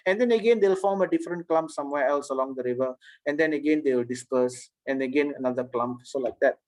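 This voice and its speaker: A man's voice: mid-range voice, quick pace, a little mellow, poor audio. A man telling a spiritual story to a class, earnest, with frequent restarts and checks on his listeners. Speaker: spiritual teacher.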